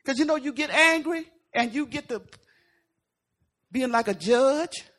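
A woman preacher giving a folksy, conversational sermon, swinging from loud emphatic lines to hushed asides. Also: sits high, unhurried.

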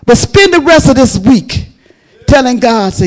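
A woman preaching a sermon, moving between fervent, loud exclamations of praise and quiet, intimate storytelling. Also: high voice, animated, a little slow.

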